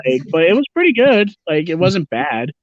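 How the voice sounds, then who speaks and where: Casting: chatty opinionated guy, slightly high voice, dry muffled call audio. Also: big pitch swings, normal speed, no echo. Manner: rambling, opinionated, swears casually. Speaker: livestream co-host. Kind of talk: casual wrestling chat. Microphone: video call.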